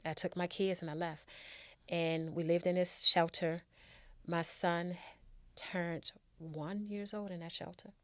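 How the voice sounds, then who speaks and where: Heartfelt middle-aged woman, low voice. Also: flat delivery, unhurried, no echo. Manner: candid, heartfelt. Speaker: storytelling guest. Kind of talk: personal life storytelling.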